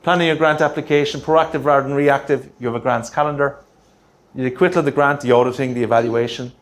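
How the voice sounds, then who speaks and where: A man presenting a grant writing workshop, punchy and energetic, checking in with the room with quick rhetorical questions. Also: medium pitch. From Australia.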